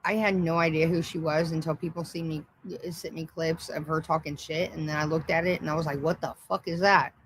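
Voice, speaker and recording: A woman's voice: deep voice, flat delivery, a little fast, few pauses, slight background noise, rough recording. A woman ranting on a casual livestream, profane, mocking and combative. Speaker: livestream host.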